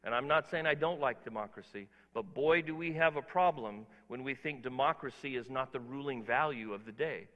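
A pastor preaching a sermon, emphatic, swinging between quiet asides and loud exhortation, putting questions to the congregation. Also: male voice, medium pitch, a little fast, few pauses, in a large hall, lo-fi sound.

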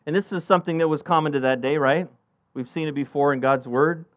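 A middle-aged man preaching a sermon as pastor, animated, acting out Bible characters in a raised voice. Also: quick pace, no echo. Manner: animated, acts out Bible characters with rising pitch.

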